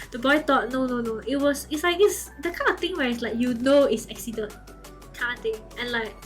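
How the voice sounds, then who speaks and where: Speaking at a normal pace, the young streamer tells casual stories to her chat in a high, bright tone. Giggly and lively, she keeps saying "okay" and "like," with faint soft music in the background.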